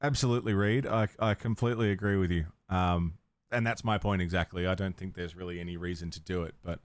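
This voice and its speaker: A man's voice: low voice, fairly even intonation, fast talker, no room sound. Foul-mouthed male livestreamer, dry sound. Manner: ranting, swears freely, chatty tangents. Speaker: gaming livestreamer. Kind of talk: casual livestream commentary.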